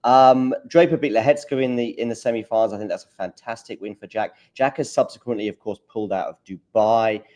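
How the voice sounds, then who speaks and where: A man's voice: fairly low pitch, fairly quick, few pauses, dark tone, lo-fi sound. A man hosting a podcast, chatting casually, repeating words as he finds his point and putting questions to his co-host. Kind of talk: casual chat.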